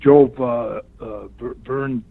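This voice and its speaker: A man's voice: mid-range voice, slow, gravelly, dry recording. Older man telling a story over a tinny line. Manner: animated storyteller who acts out the other people's lines; laughs often while telling the story. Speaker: wrestling guest telling a story. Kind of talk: casual anecdote in a remote interview.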